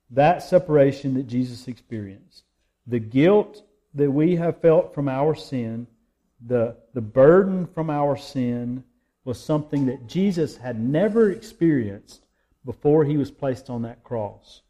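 A man preaching a sermon in a church service, slow and measured with emphatic pauses. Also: medium pitch, dark tone. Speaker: pastor. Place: church sanctuary.

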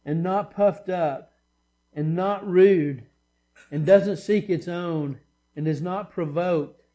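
Male pastor, higher-pitched, emphatic sermon delivery with conversational asides. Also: mellow. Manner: emphatic, repetitive preaching with asides.

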